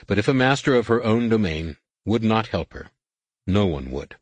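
A man narrating a science fiction audiobook in a measured, steady way. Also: on the low side, no echo. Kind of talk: scripted sci-fi narration.

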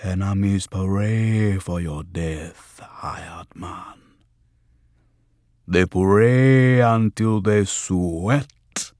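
A man doing an eerie possessing spirit, slow and thick. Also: sits low, a little mellow, no echo, studio quality, voice pushed up. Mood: ominous prophecy. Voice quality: thick, glutinous voice. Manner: slow, drawn-out, prophetic menace. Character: slow, deep-voiced spirit possessing a young woman. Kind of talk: audiobook reading.

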